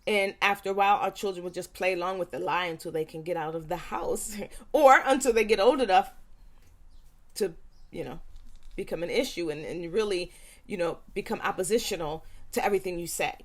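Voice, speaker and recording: A woman parent educator speaking earnestly to parents, stressing points by repeating them and acting out quick quoted lines. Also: fairly low pitch. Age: young adult. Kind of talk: talking to parents.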